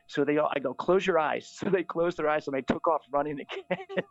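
Animated priest telling funny stories. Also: male voice, fairly high pitch, a little fast, no echo. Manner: animated, laughing at his own stories. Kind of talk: casual storytelling. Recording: slightly dull, dry audio.

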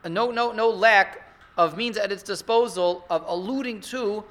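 High-pitched, bright-voiced rabbi giving a sermon. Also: male voice, normal speed. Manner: rhetorical, builds to excited emphasis. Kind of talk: Torah sermon.

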